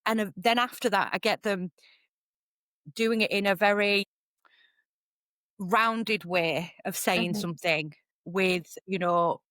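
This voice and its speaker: A woman's voice: mid-range voice, slow, pauses often, no room sound, clean studio sound. Chatty woman telling stories. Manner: animated storyteller, lively and chatty. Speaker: guest, psychic medium and healer. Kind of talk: casual podcast conversation.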